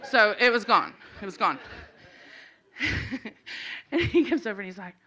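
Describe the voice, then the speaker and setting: A woman's voice: mid-range voice, lively intonation, moderate pace, pauses often, sharp tone. A woman telling a true comic story on a live stage, laughing through her lines and acting out the people she quotes. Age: 40s. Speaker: storyteller comedian. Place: small live venue stage.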